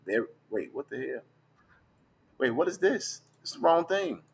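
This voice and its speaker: A young man talks bluntly into his livestream, swearing freely as he scrolls through screenshots. His voice sits in an ordinary middle pitch and his tone stays casual and direct. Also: sing-song, unhurried, vocal fry, breathy edge. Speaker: vlogger.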